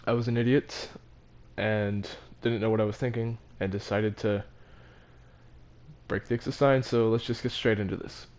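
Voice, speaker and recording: This teen vlogger's voice is mid-range and a little mellow. He recounts a school story casually and ramblingly, poking fun at himself and leaning on plenty of fillers and restarts.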